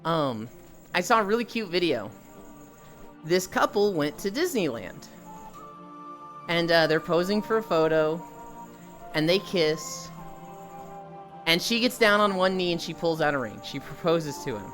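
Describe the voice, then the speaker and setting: A streamer keeps a steady treadmill walk while spinning animated, loosely told stories for viewers. The pitch leaps around expressively as the stories build, and swearing slips in casually. A little music hums quietly in the background. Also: unhurried, pauses often. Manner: walking on a treadmill while talking. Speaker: live streamer.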